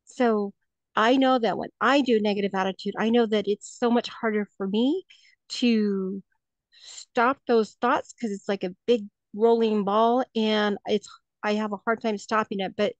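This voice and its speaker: A woman's voice: mid-range voice, no echo, highs cut off. Hesitant woman teacher presenting a lesson. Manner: hesitant, many fillers and restarts.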